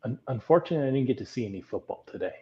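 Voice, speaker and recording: A man co-hosting a relaxed podcast, chatty and quick to laugh as he reads out listener notes. His pitch moves around a lot, and the sound is somewhat dull and lo-fi. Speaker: podcast co-host. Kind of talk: casual chat.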